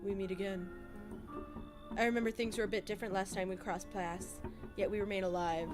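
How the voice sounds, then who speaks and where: Calm cryptic fortune-teller type, quiet and measured, read by a woman. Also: medium pitch, over music, pitched below the performer's own voice, close to an everyday voice.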